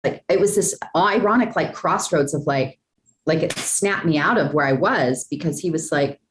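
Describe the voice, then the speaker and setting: A woman guest in a podcast interview, telling a personal story in a lively, chatty way, often tossing in "like" and "right?". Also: low-pitched, normal speed, roomy sound, a little hiss or hum. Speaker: guest, speaker and sales coach.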